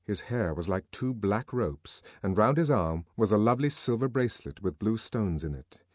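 A man narrates an audiobook, telling the story in a measured, expressive way. His voice is on the low side, captured on a close studio mic with no echo.

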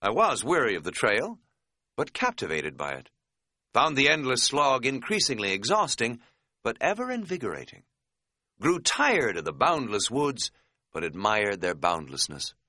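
A man giving a wry, measured first-person audiobook narration. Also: mid-range voice, huge pitch swings, sharp tone, no room sound, clean studio sound.

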